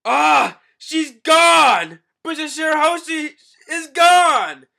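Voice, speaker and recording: A man voicing a frantic, panicking manga minister, yelling in a shrill high voice. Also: animated, slow pace, gravelly, full character voice. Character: panicked shouting manga minister, male adult.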